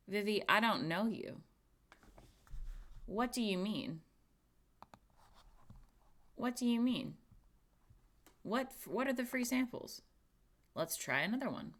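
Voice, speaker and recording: With lively intonation and a slightly bright mid-range voice, this young woman streamer speaks slowly, leaving long pauses. Her casual chat is giggly and chatty as she reads things out to herself.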